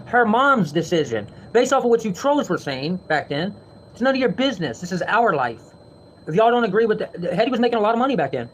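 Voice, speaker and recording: A man with a high voice rants at his viewers at a rapid clip. He is heated, defensive and swears freely while he talks from his home. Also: sing-song, a little hiss or hum. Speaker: vlogger. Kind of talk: ranting monologue to viewers.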